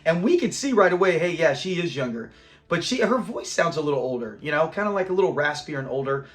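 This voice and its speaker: A chatty man hosting a relaxed episode review, retelling scenes with lots of animation and frequent laughter. His voice sits high for a man, and faint music plays behind him. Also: quick pace. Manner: animated retelling, laughs often and quotes characters. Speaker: host reviewing a sitcom episode.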